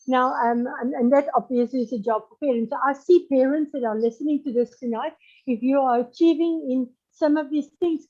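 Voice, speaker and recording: A woman hosting a family ministry show, eagerly asking questions and recapping what the guest said. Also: on the high side. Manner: eager, asks strings of questions. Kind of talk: interviewer wrapping up with a recap. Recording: dull lo-fi audio.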